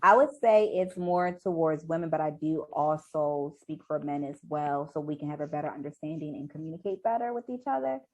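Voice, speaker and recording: A woman's voice: deep voice, a little fast, hardly any pauses, darkish tone. A woman author reading from her memoir and answering interview questions in an earnest storytelling way. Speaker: author and podcast owner.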